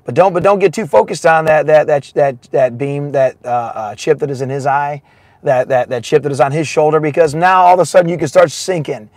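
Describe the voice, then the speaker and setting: A man preaching a sermon in a casual, excitable way, often laughing, swinging between shouts and hushed asides and saying "man" a lot. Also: a little high, fairly quick, no echo.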